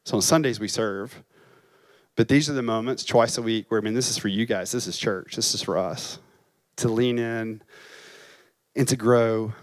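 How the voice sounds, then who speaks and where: Emotional pastor preaching. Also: male voice, on the low side, moderate pace, pauses often, dry recording. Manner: emotional storytelling, voice rising and breaking. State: crying. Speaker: campus pastor. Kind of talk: chapel sermon.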